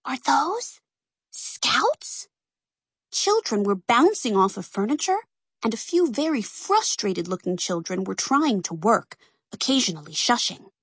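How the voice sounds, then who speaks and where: A woman reads a children's story aloud with a lively voice that swoops up and down. Her tone is a bit husky. The recording is close and dry, with no room sound. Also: mid-range voice, normal speed, no echo. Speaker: narrator.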